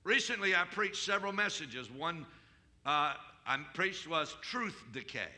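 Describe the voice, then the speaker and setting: A man preaching a sermon as pastor, calling out to his congregation with questions and rising to shouted declarations in prayer. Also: a little high, lively intonation, unhurried. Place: church service.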